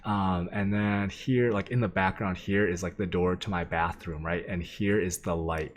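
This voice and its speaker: Male streamer with a very low voice, casual and sweary, rambling through a story to chat. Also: steady tone, normal speed. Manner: rambling, profane, lots of "like" and "um"; sketches while he talks, addressing chat. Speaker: game streamer.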